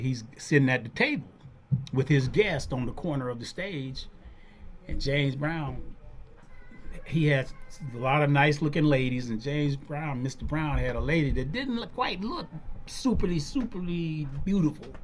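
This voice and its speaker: A man hosting an interview, telling stories in an animated way and laughing often. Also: mid-range voice, moderate pace. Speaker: host. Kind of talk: casual interview storytelling.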